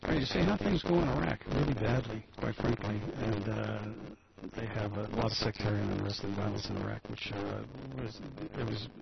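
A man's voice: on the low side, fairly quick, creaky. A man hosting a talk show, rambling through news items with chatty asides and reading bits aloud. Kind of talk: casual news commentary. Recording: dull lo-fi recording with loud background hiss.

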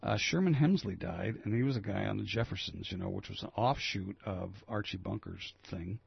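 A local talk radio host reads news items and riffs on them, rambling and opinionated in a casual style. His fairly low voice is gravelly and husky at a moderate pace, and the recording sounds dry and muffled.

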